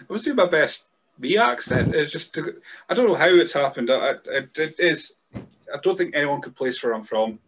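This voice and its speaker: A man's voice: on the high side, expressive, fairly bright tone, slight background noise. Self-mocking Scottish man chatting on a podcast. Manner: quick, self-mocking, stammering restarts, swears. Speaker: podcast host. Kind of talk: casual podcast chat. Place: remote podcast call.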